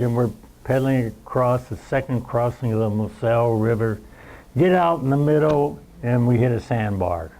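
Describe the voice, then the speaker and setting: Elderly male veteran, mellow darkish tone, meandering storyteller who plays out the moments. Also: medium pitch, low-quality recording. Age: 90s. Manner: rambling storyteller who acts out the scenes. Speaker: veteran recounting war memories. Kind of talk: spoken war reminiscence at a roundtable.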